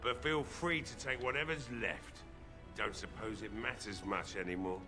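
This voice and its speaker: A man voicing a gruff, bitter old village blacksmith who is drunk, with a weary drinker's drawl, in a video game. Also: fairly low pitch, moderate pace, music in the background, lightly acted. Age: older.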